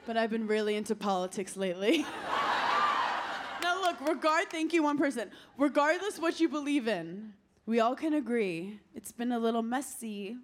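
A young woman doing a stand-up comedy set, brash and playful, laughing through her punchlines. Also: fairly high pitch. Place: comedy stage before a live audience. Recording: loud live crowd and noise.

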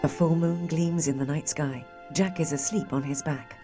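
A woman reading scripted audio description of a film in a measured way. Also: low voice, over music.

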